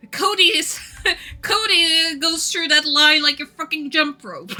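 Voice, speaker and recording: Woman streamer, native Norwegian, very bright higher voice, giggly rambling chat, faint music underneath. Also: slow. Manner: giggly, rambling, self-deprecating.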